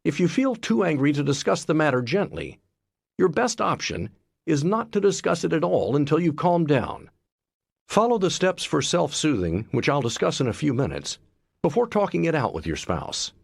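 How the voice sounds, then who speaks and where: A man reading a self-help book aloud as scripted narration, in a lively, expressive way. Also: a little high, moderate pace, gravelly, breathy edge, no echo, clean studio sound. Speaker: audiobook narrator.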